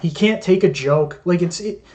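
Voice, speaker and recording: A man with a notably high-pitched voice delivers mocking, sarcastic commentary over clips he is reacting to. He swears constantly and drips with scorn. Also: normal speed, darkish tone.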